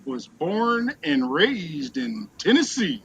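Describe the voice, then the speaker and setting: A man's voice: on the high side, sing-song, slow, fairly bright tone, a little hiss or hum. A man from Texas hosting a casual stream, reading out viewer comments and teasing his guests. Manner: reads chat comments aloud, teasing. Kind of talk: casual chat. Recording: dull lo-fi audio.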